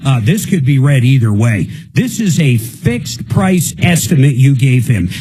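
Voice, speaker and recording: A man's voice: medium pitch, sing-song, a little slow, warm tone, husky, low-quality recording. A male radio host on a live consumer call-in show, talking in a fired-up, indignant rant. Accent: American.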